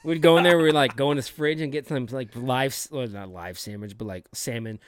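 A man's voice: medium pitch, brisk, clear, resonant tone, no room sound. A young man, a podcast host, telling rambling, profane stories in casual chat with lots of fillers and restarts.

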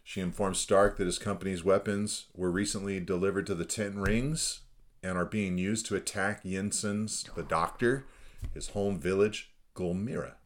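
Deep-voiced dad recapping a movie. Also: male voice, fairly even intonation, moderate pace. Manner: rambling, laughs often, fillers. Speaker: podcast co-host, father. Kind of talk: casual chat recapping a film.

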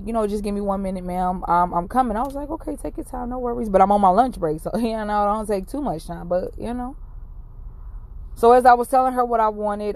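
A woman's voice: medium pitch, a little mellow. Chatty woman telling a story from her car. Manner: chatty, encouraging, addresses listeners directly. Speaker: podcast host. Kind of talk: casual storytime monologue. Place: parked car, rain outside.

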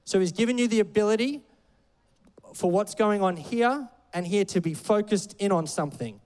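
A man's voice: high-pitched, normal speed, darkish tone, in a large hall. A man preaching a sermon in a loose, conversational way, full of fillers and playful asides. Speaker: pastor. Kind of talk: casual sermon.

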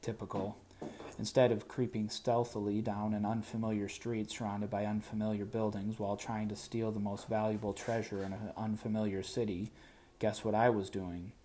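Male audiobook narrator, lower voice, dry wry first-person read. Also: flat delivery, moderate pace, dark tone.

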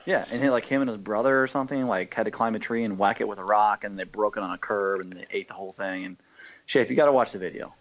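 A man co-hosting a podcast, casually telling animated stories and mimicking people. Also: lowish voice, fast. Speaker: podcast co-host. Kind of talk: casual chat. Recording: dull lo-fi audio.

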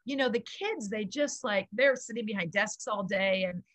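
A middle-aged woman, a yoga founder, tells stories in an animated, gushing way and laughs often. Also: mid-range voice, normal speed, no room sound. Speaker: guest, kids yoga founder. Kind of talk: casual storytelling interview.

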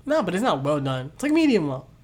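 A man's voice: sits high, sing-song, fast talker, darkish tone. A young man co-hosting a podcast, chatting casually and easygoing. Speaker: podcast co-host. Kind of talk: casual chat.

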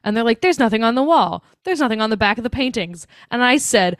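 A woman's voice: a little high, expressive, quick pace, no room sound. Sarcastic young woman, dry close voice. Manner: chatty, sarcastic asides, frequent fillers. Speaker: podcast co-host. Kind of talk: casual movie recap chat.

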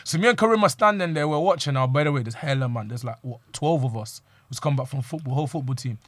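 A man's voice: medium pitch, fast, fairly bright tone, no room sound. A young man, animatedly telling a street story to friends and acting out the quotes. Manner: slangy, acts out quoted lines.

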